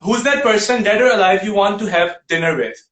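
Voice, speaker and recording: A male host rattles off short questions at a brisk clip, teasing his guest along the way. His voice sits very high for a man, and the room rings around him. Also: a bit bright, echoey room. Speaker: talk show host. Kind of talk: quick-fire interview questions.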